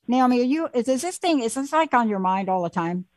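A woman hosting a call-in radio show, her voice pitched a little high and sounding dry and close to the studio mic. She talks emphatically and pushes her caller along with a coaxing insistence. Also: expressive, fairly quick, no echo. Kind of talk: casual call-in coaching.

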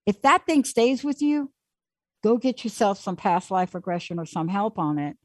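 A woman's voice: mid-range voice, sing-song, moderate pace, dry recording. A woman hosting a radio call-in show, talking in an emphatic, pushy way as she coaxes her caller along. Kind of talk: casual call-in coaching.

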